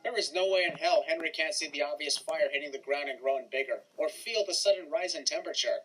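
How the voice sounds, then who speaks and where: Male reviewer, rapid-fire mocking delivery, slightly high voice, faint hiss behind. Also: fairly bright tone, poor audio. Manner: mocking, exasperated. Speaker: movie reviewer. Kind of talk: scripted sarcastic commentary.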